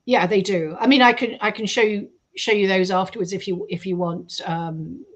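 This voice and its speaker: A woman, a guest on a radio show, telling a story in a lively way and acting out the quoted voices. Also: mid-range voice, moderate pace. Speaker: guest researcher. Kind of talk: storytelling in an interview.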